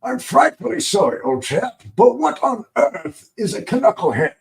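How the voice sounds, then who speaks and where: A man's voice: high voice, sing-song, a little slow, creaky, recorded from a distance, voice pushed up, heavily acted. A man putting on a plummy posh Englishman. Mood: politely baffled. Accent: put-on British English. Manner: plummy, affected, exaggerated stereotype. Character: posh, fussy English gentleman, upper-class.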